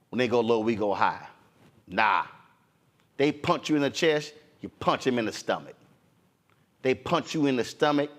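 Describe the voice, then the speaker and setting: A man's voice: mid-range voice, fairly bright tone. A middle-aged man hosting a political talk show, delivering impassioned, preachy commentary and acting out politicians' voices.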